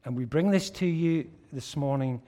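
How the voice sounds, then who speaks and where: A man preaching a sermon as pastor, telling stories with emphasis and letting phrase ends fall quiet. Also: a little high, moderate pace.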